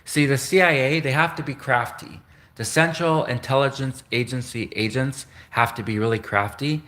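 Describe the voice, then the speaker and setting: A man's voice: mid-range voice, moderate pace, sharp tone. A man hosting a solo livestream, talking in a rambling way, restarting and repeating himself and chuckling at his own slips. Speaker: livestream host.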